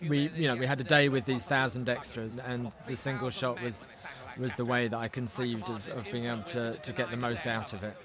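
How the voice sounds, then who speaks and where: A man's voice: medium pitch, fairly even intonation, a little fast, hardly any pauses, a crowd in the background. Man giving a reflective film commentary. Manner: reflective, with restarts. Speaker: film director. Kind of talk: audio commentary. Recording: commentary over film soundtrack.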